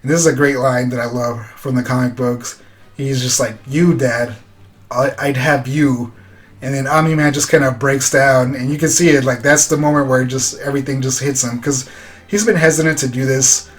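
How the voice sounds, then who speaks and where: A man's voice: mid-range voice, fairly even intonation, fairly quick. Casual man recapping an episode. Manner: loose, filler-heavy retelling with quoted dialogue. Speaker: reviewer.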